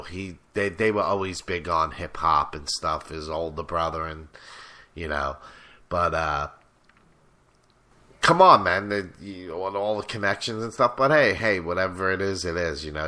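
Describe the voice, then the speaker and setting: A man's voice: sits low, bright, forceful tone. A man hosting his own radio show, talking in a rambling, filler-heavy, profane way. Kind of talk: casual radio chat.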